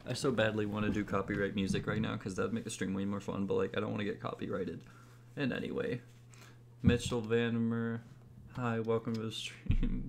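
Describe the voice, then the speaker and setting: A man's voice: on the low side, fairly even intonation, brisk, vocal fry, noisy background. A young man streaming live, goofily chanting a name over and over between casual asides to his chat.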